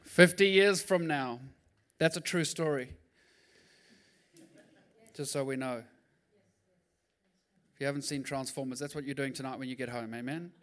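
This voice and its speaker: A male pastor preaching a sermon in an animated, jokey way, acting out Bible scenes. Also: mid-range voice, normal speed, long pauses, faint music behind.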